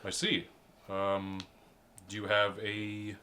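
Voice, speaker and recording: A man's voice: on the low side, completely flat delivery, slow pace, pushed and bright. A man playing a tabletop game, speaking in an easygoing, hesitant way. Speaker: player. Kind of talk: casual tabletop play.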